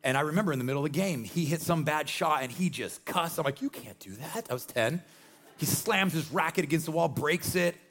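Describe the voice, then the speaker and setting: A man in his forties preaching a sermon as pastor, energetic and emphatic with repeated refrains. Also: fairly high pitch, a little fast. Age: 40s.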